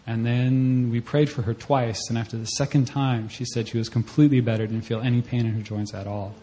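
A young man giving a personal testimony at a church service, telling the story in a conversational way and acting out his own reactions in a voice that jumps up high. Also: steady tone, fairly quick, dark tone. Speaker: church member giving a mission-trip testimony.

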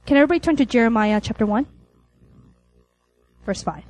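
A woman's voice: fairly high pitch, animated, fairly quick, darkish tone, rough recording. A young adult woman preaching a sermon to college students, telling a story with laughs and acted-out lines.

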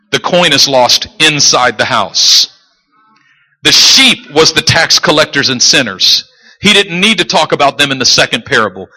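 A man preaching a sermon in a lively, animated way, joking and acting out characters in the stories he tells. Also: a little high. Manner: animated, jokes and acts out quoted characters. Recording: long hall reverb.

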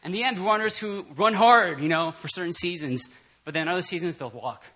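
A man preaching a casual, conversational sermon at a church prayer meeting, animated and laughing often, with many fillers and restarts. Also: high voice, brisk.

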